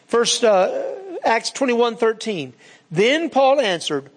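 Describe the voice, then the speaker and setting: A man's voice: very high voice, lively intonation, slow pace. A man preaching a sermon in a folksy, earnest way, with frequent fillers and restarts. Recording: long hall reverb.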